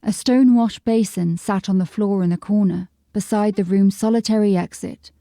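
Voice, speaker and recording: Woman reading a fantasy audiobook, steady storyteller pace, warm mellow voice, dry close mic. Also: medium pitch, no room sound. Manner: measured, descriptive storytelling. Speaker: audiobook narrator. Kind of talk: scripted narration.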